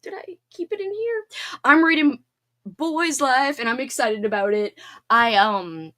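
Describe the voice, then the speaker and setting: Bubbly, lively-voiced woman host. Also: high voice. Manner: bubbly and chatty, quick laughs and squeals. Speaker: livestream host. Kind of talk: casual chat reading out viewer comments.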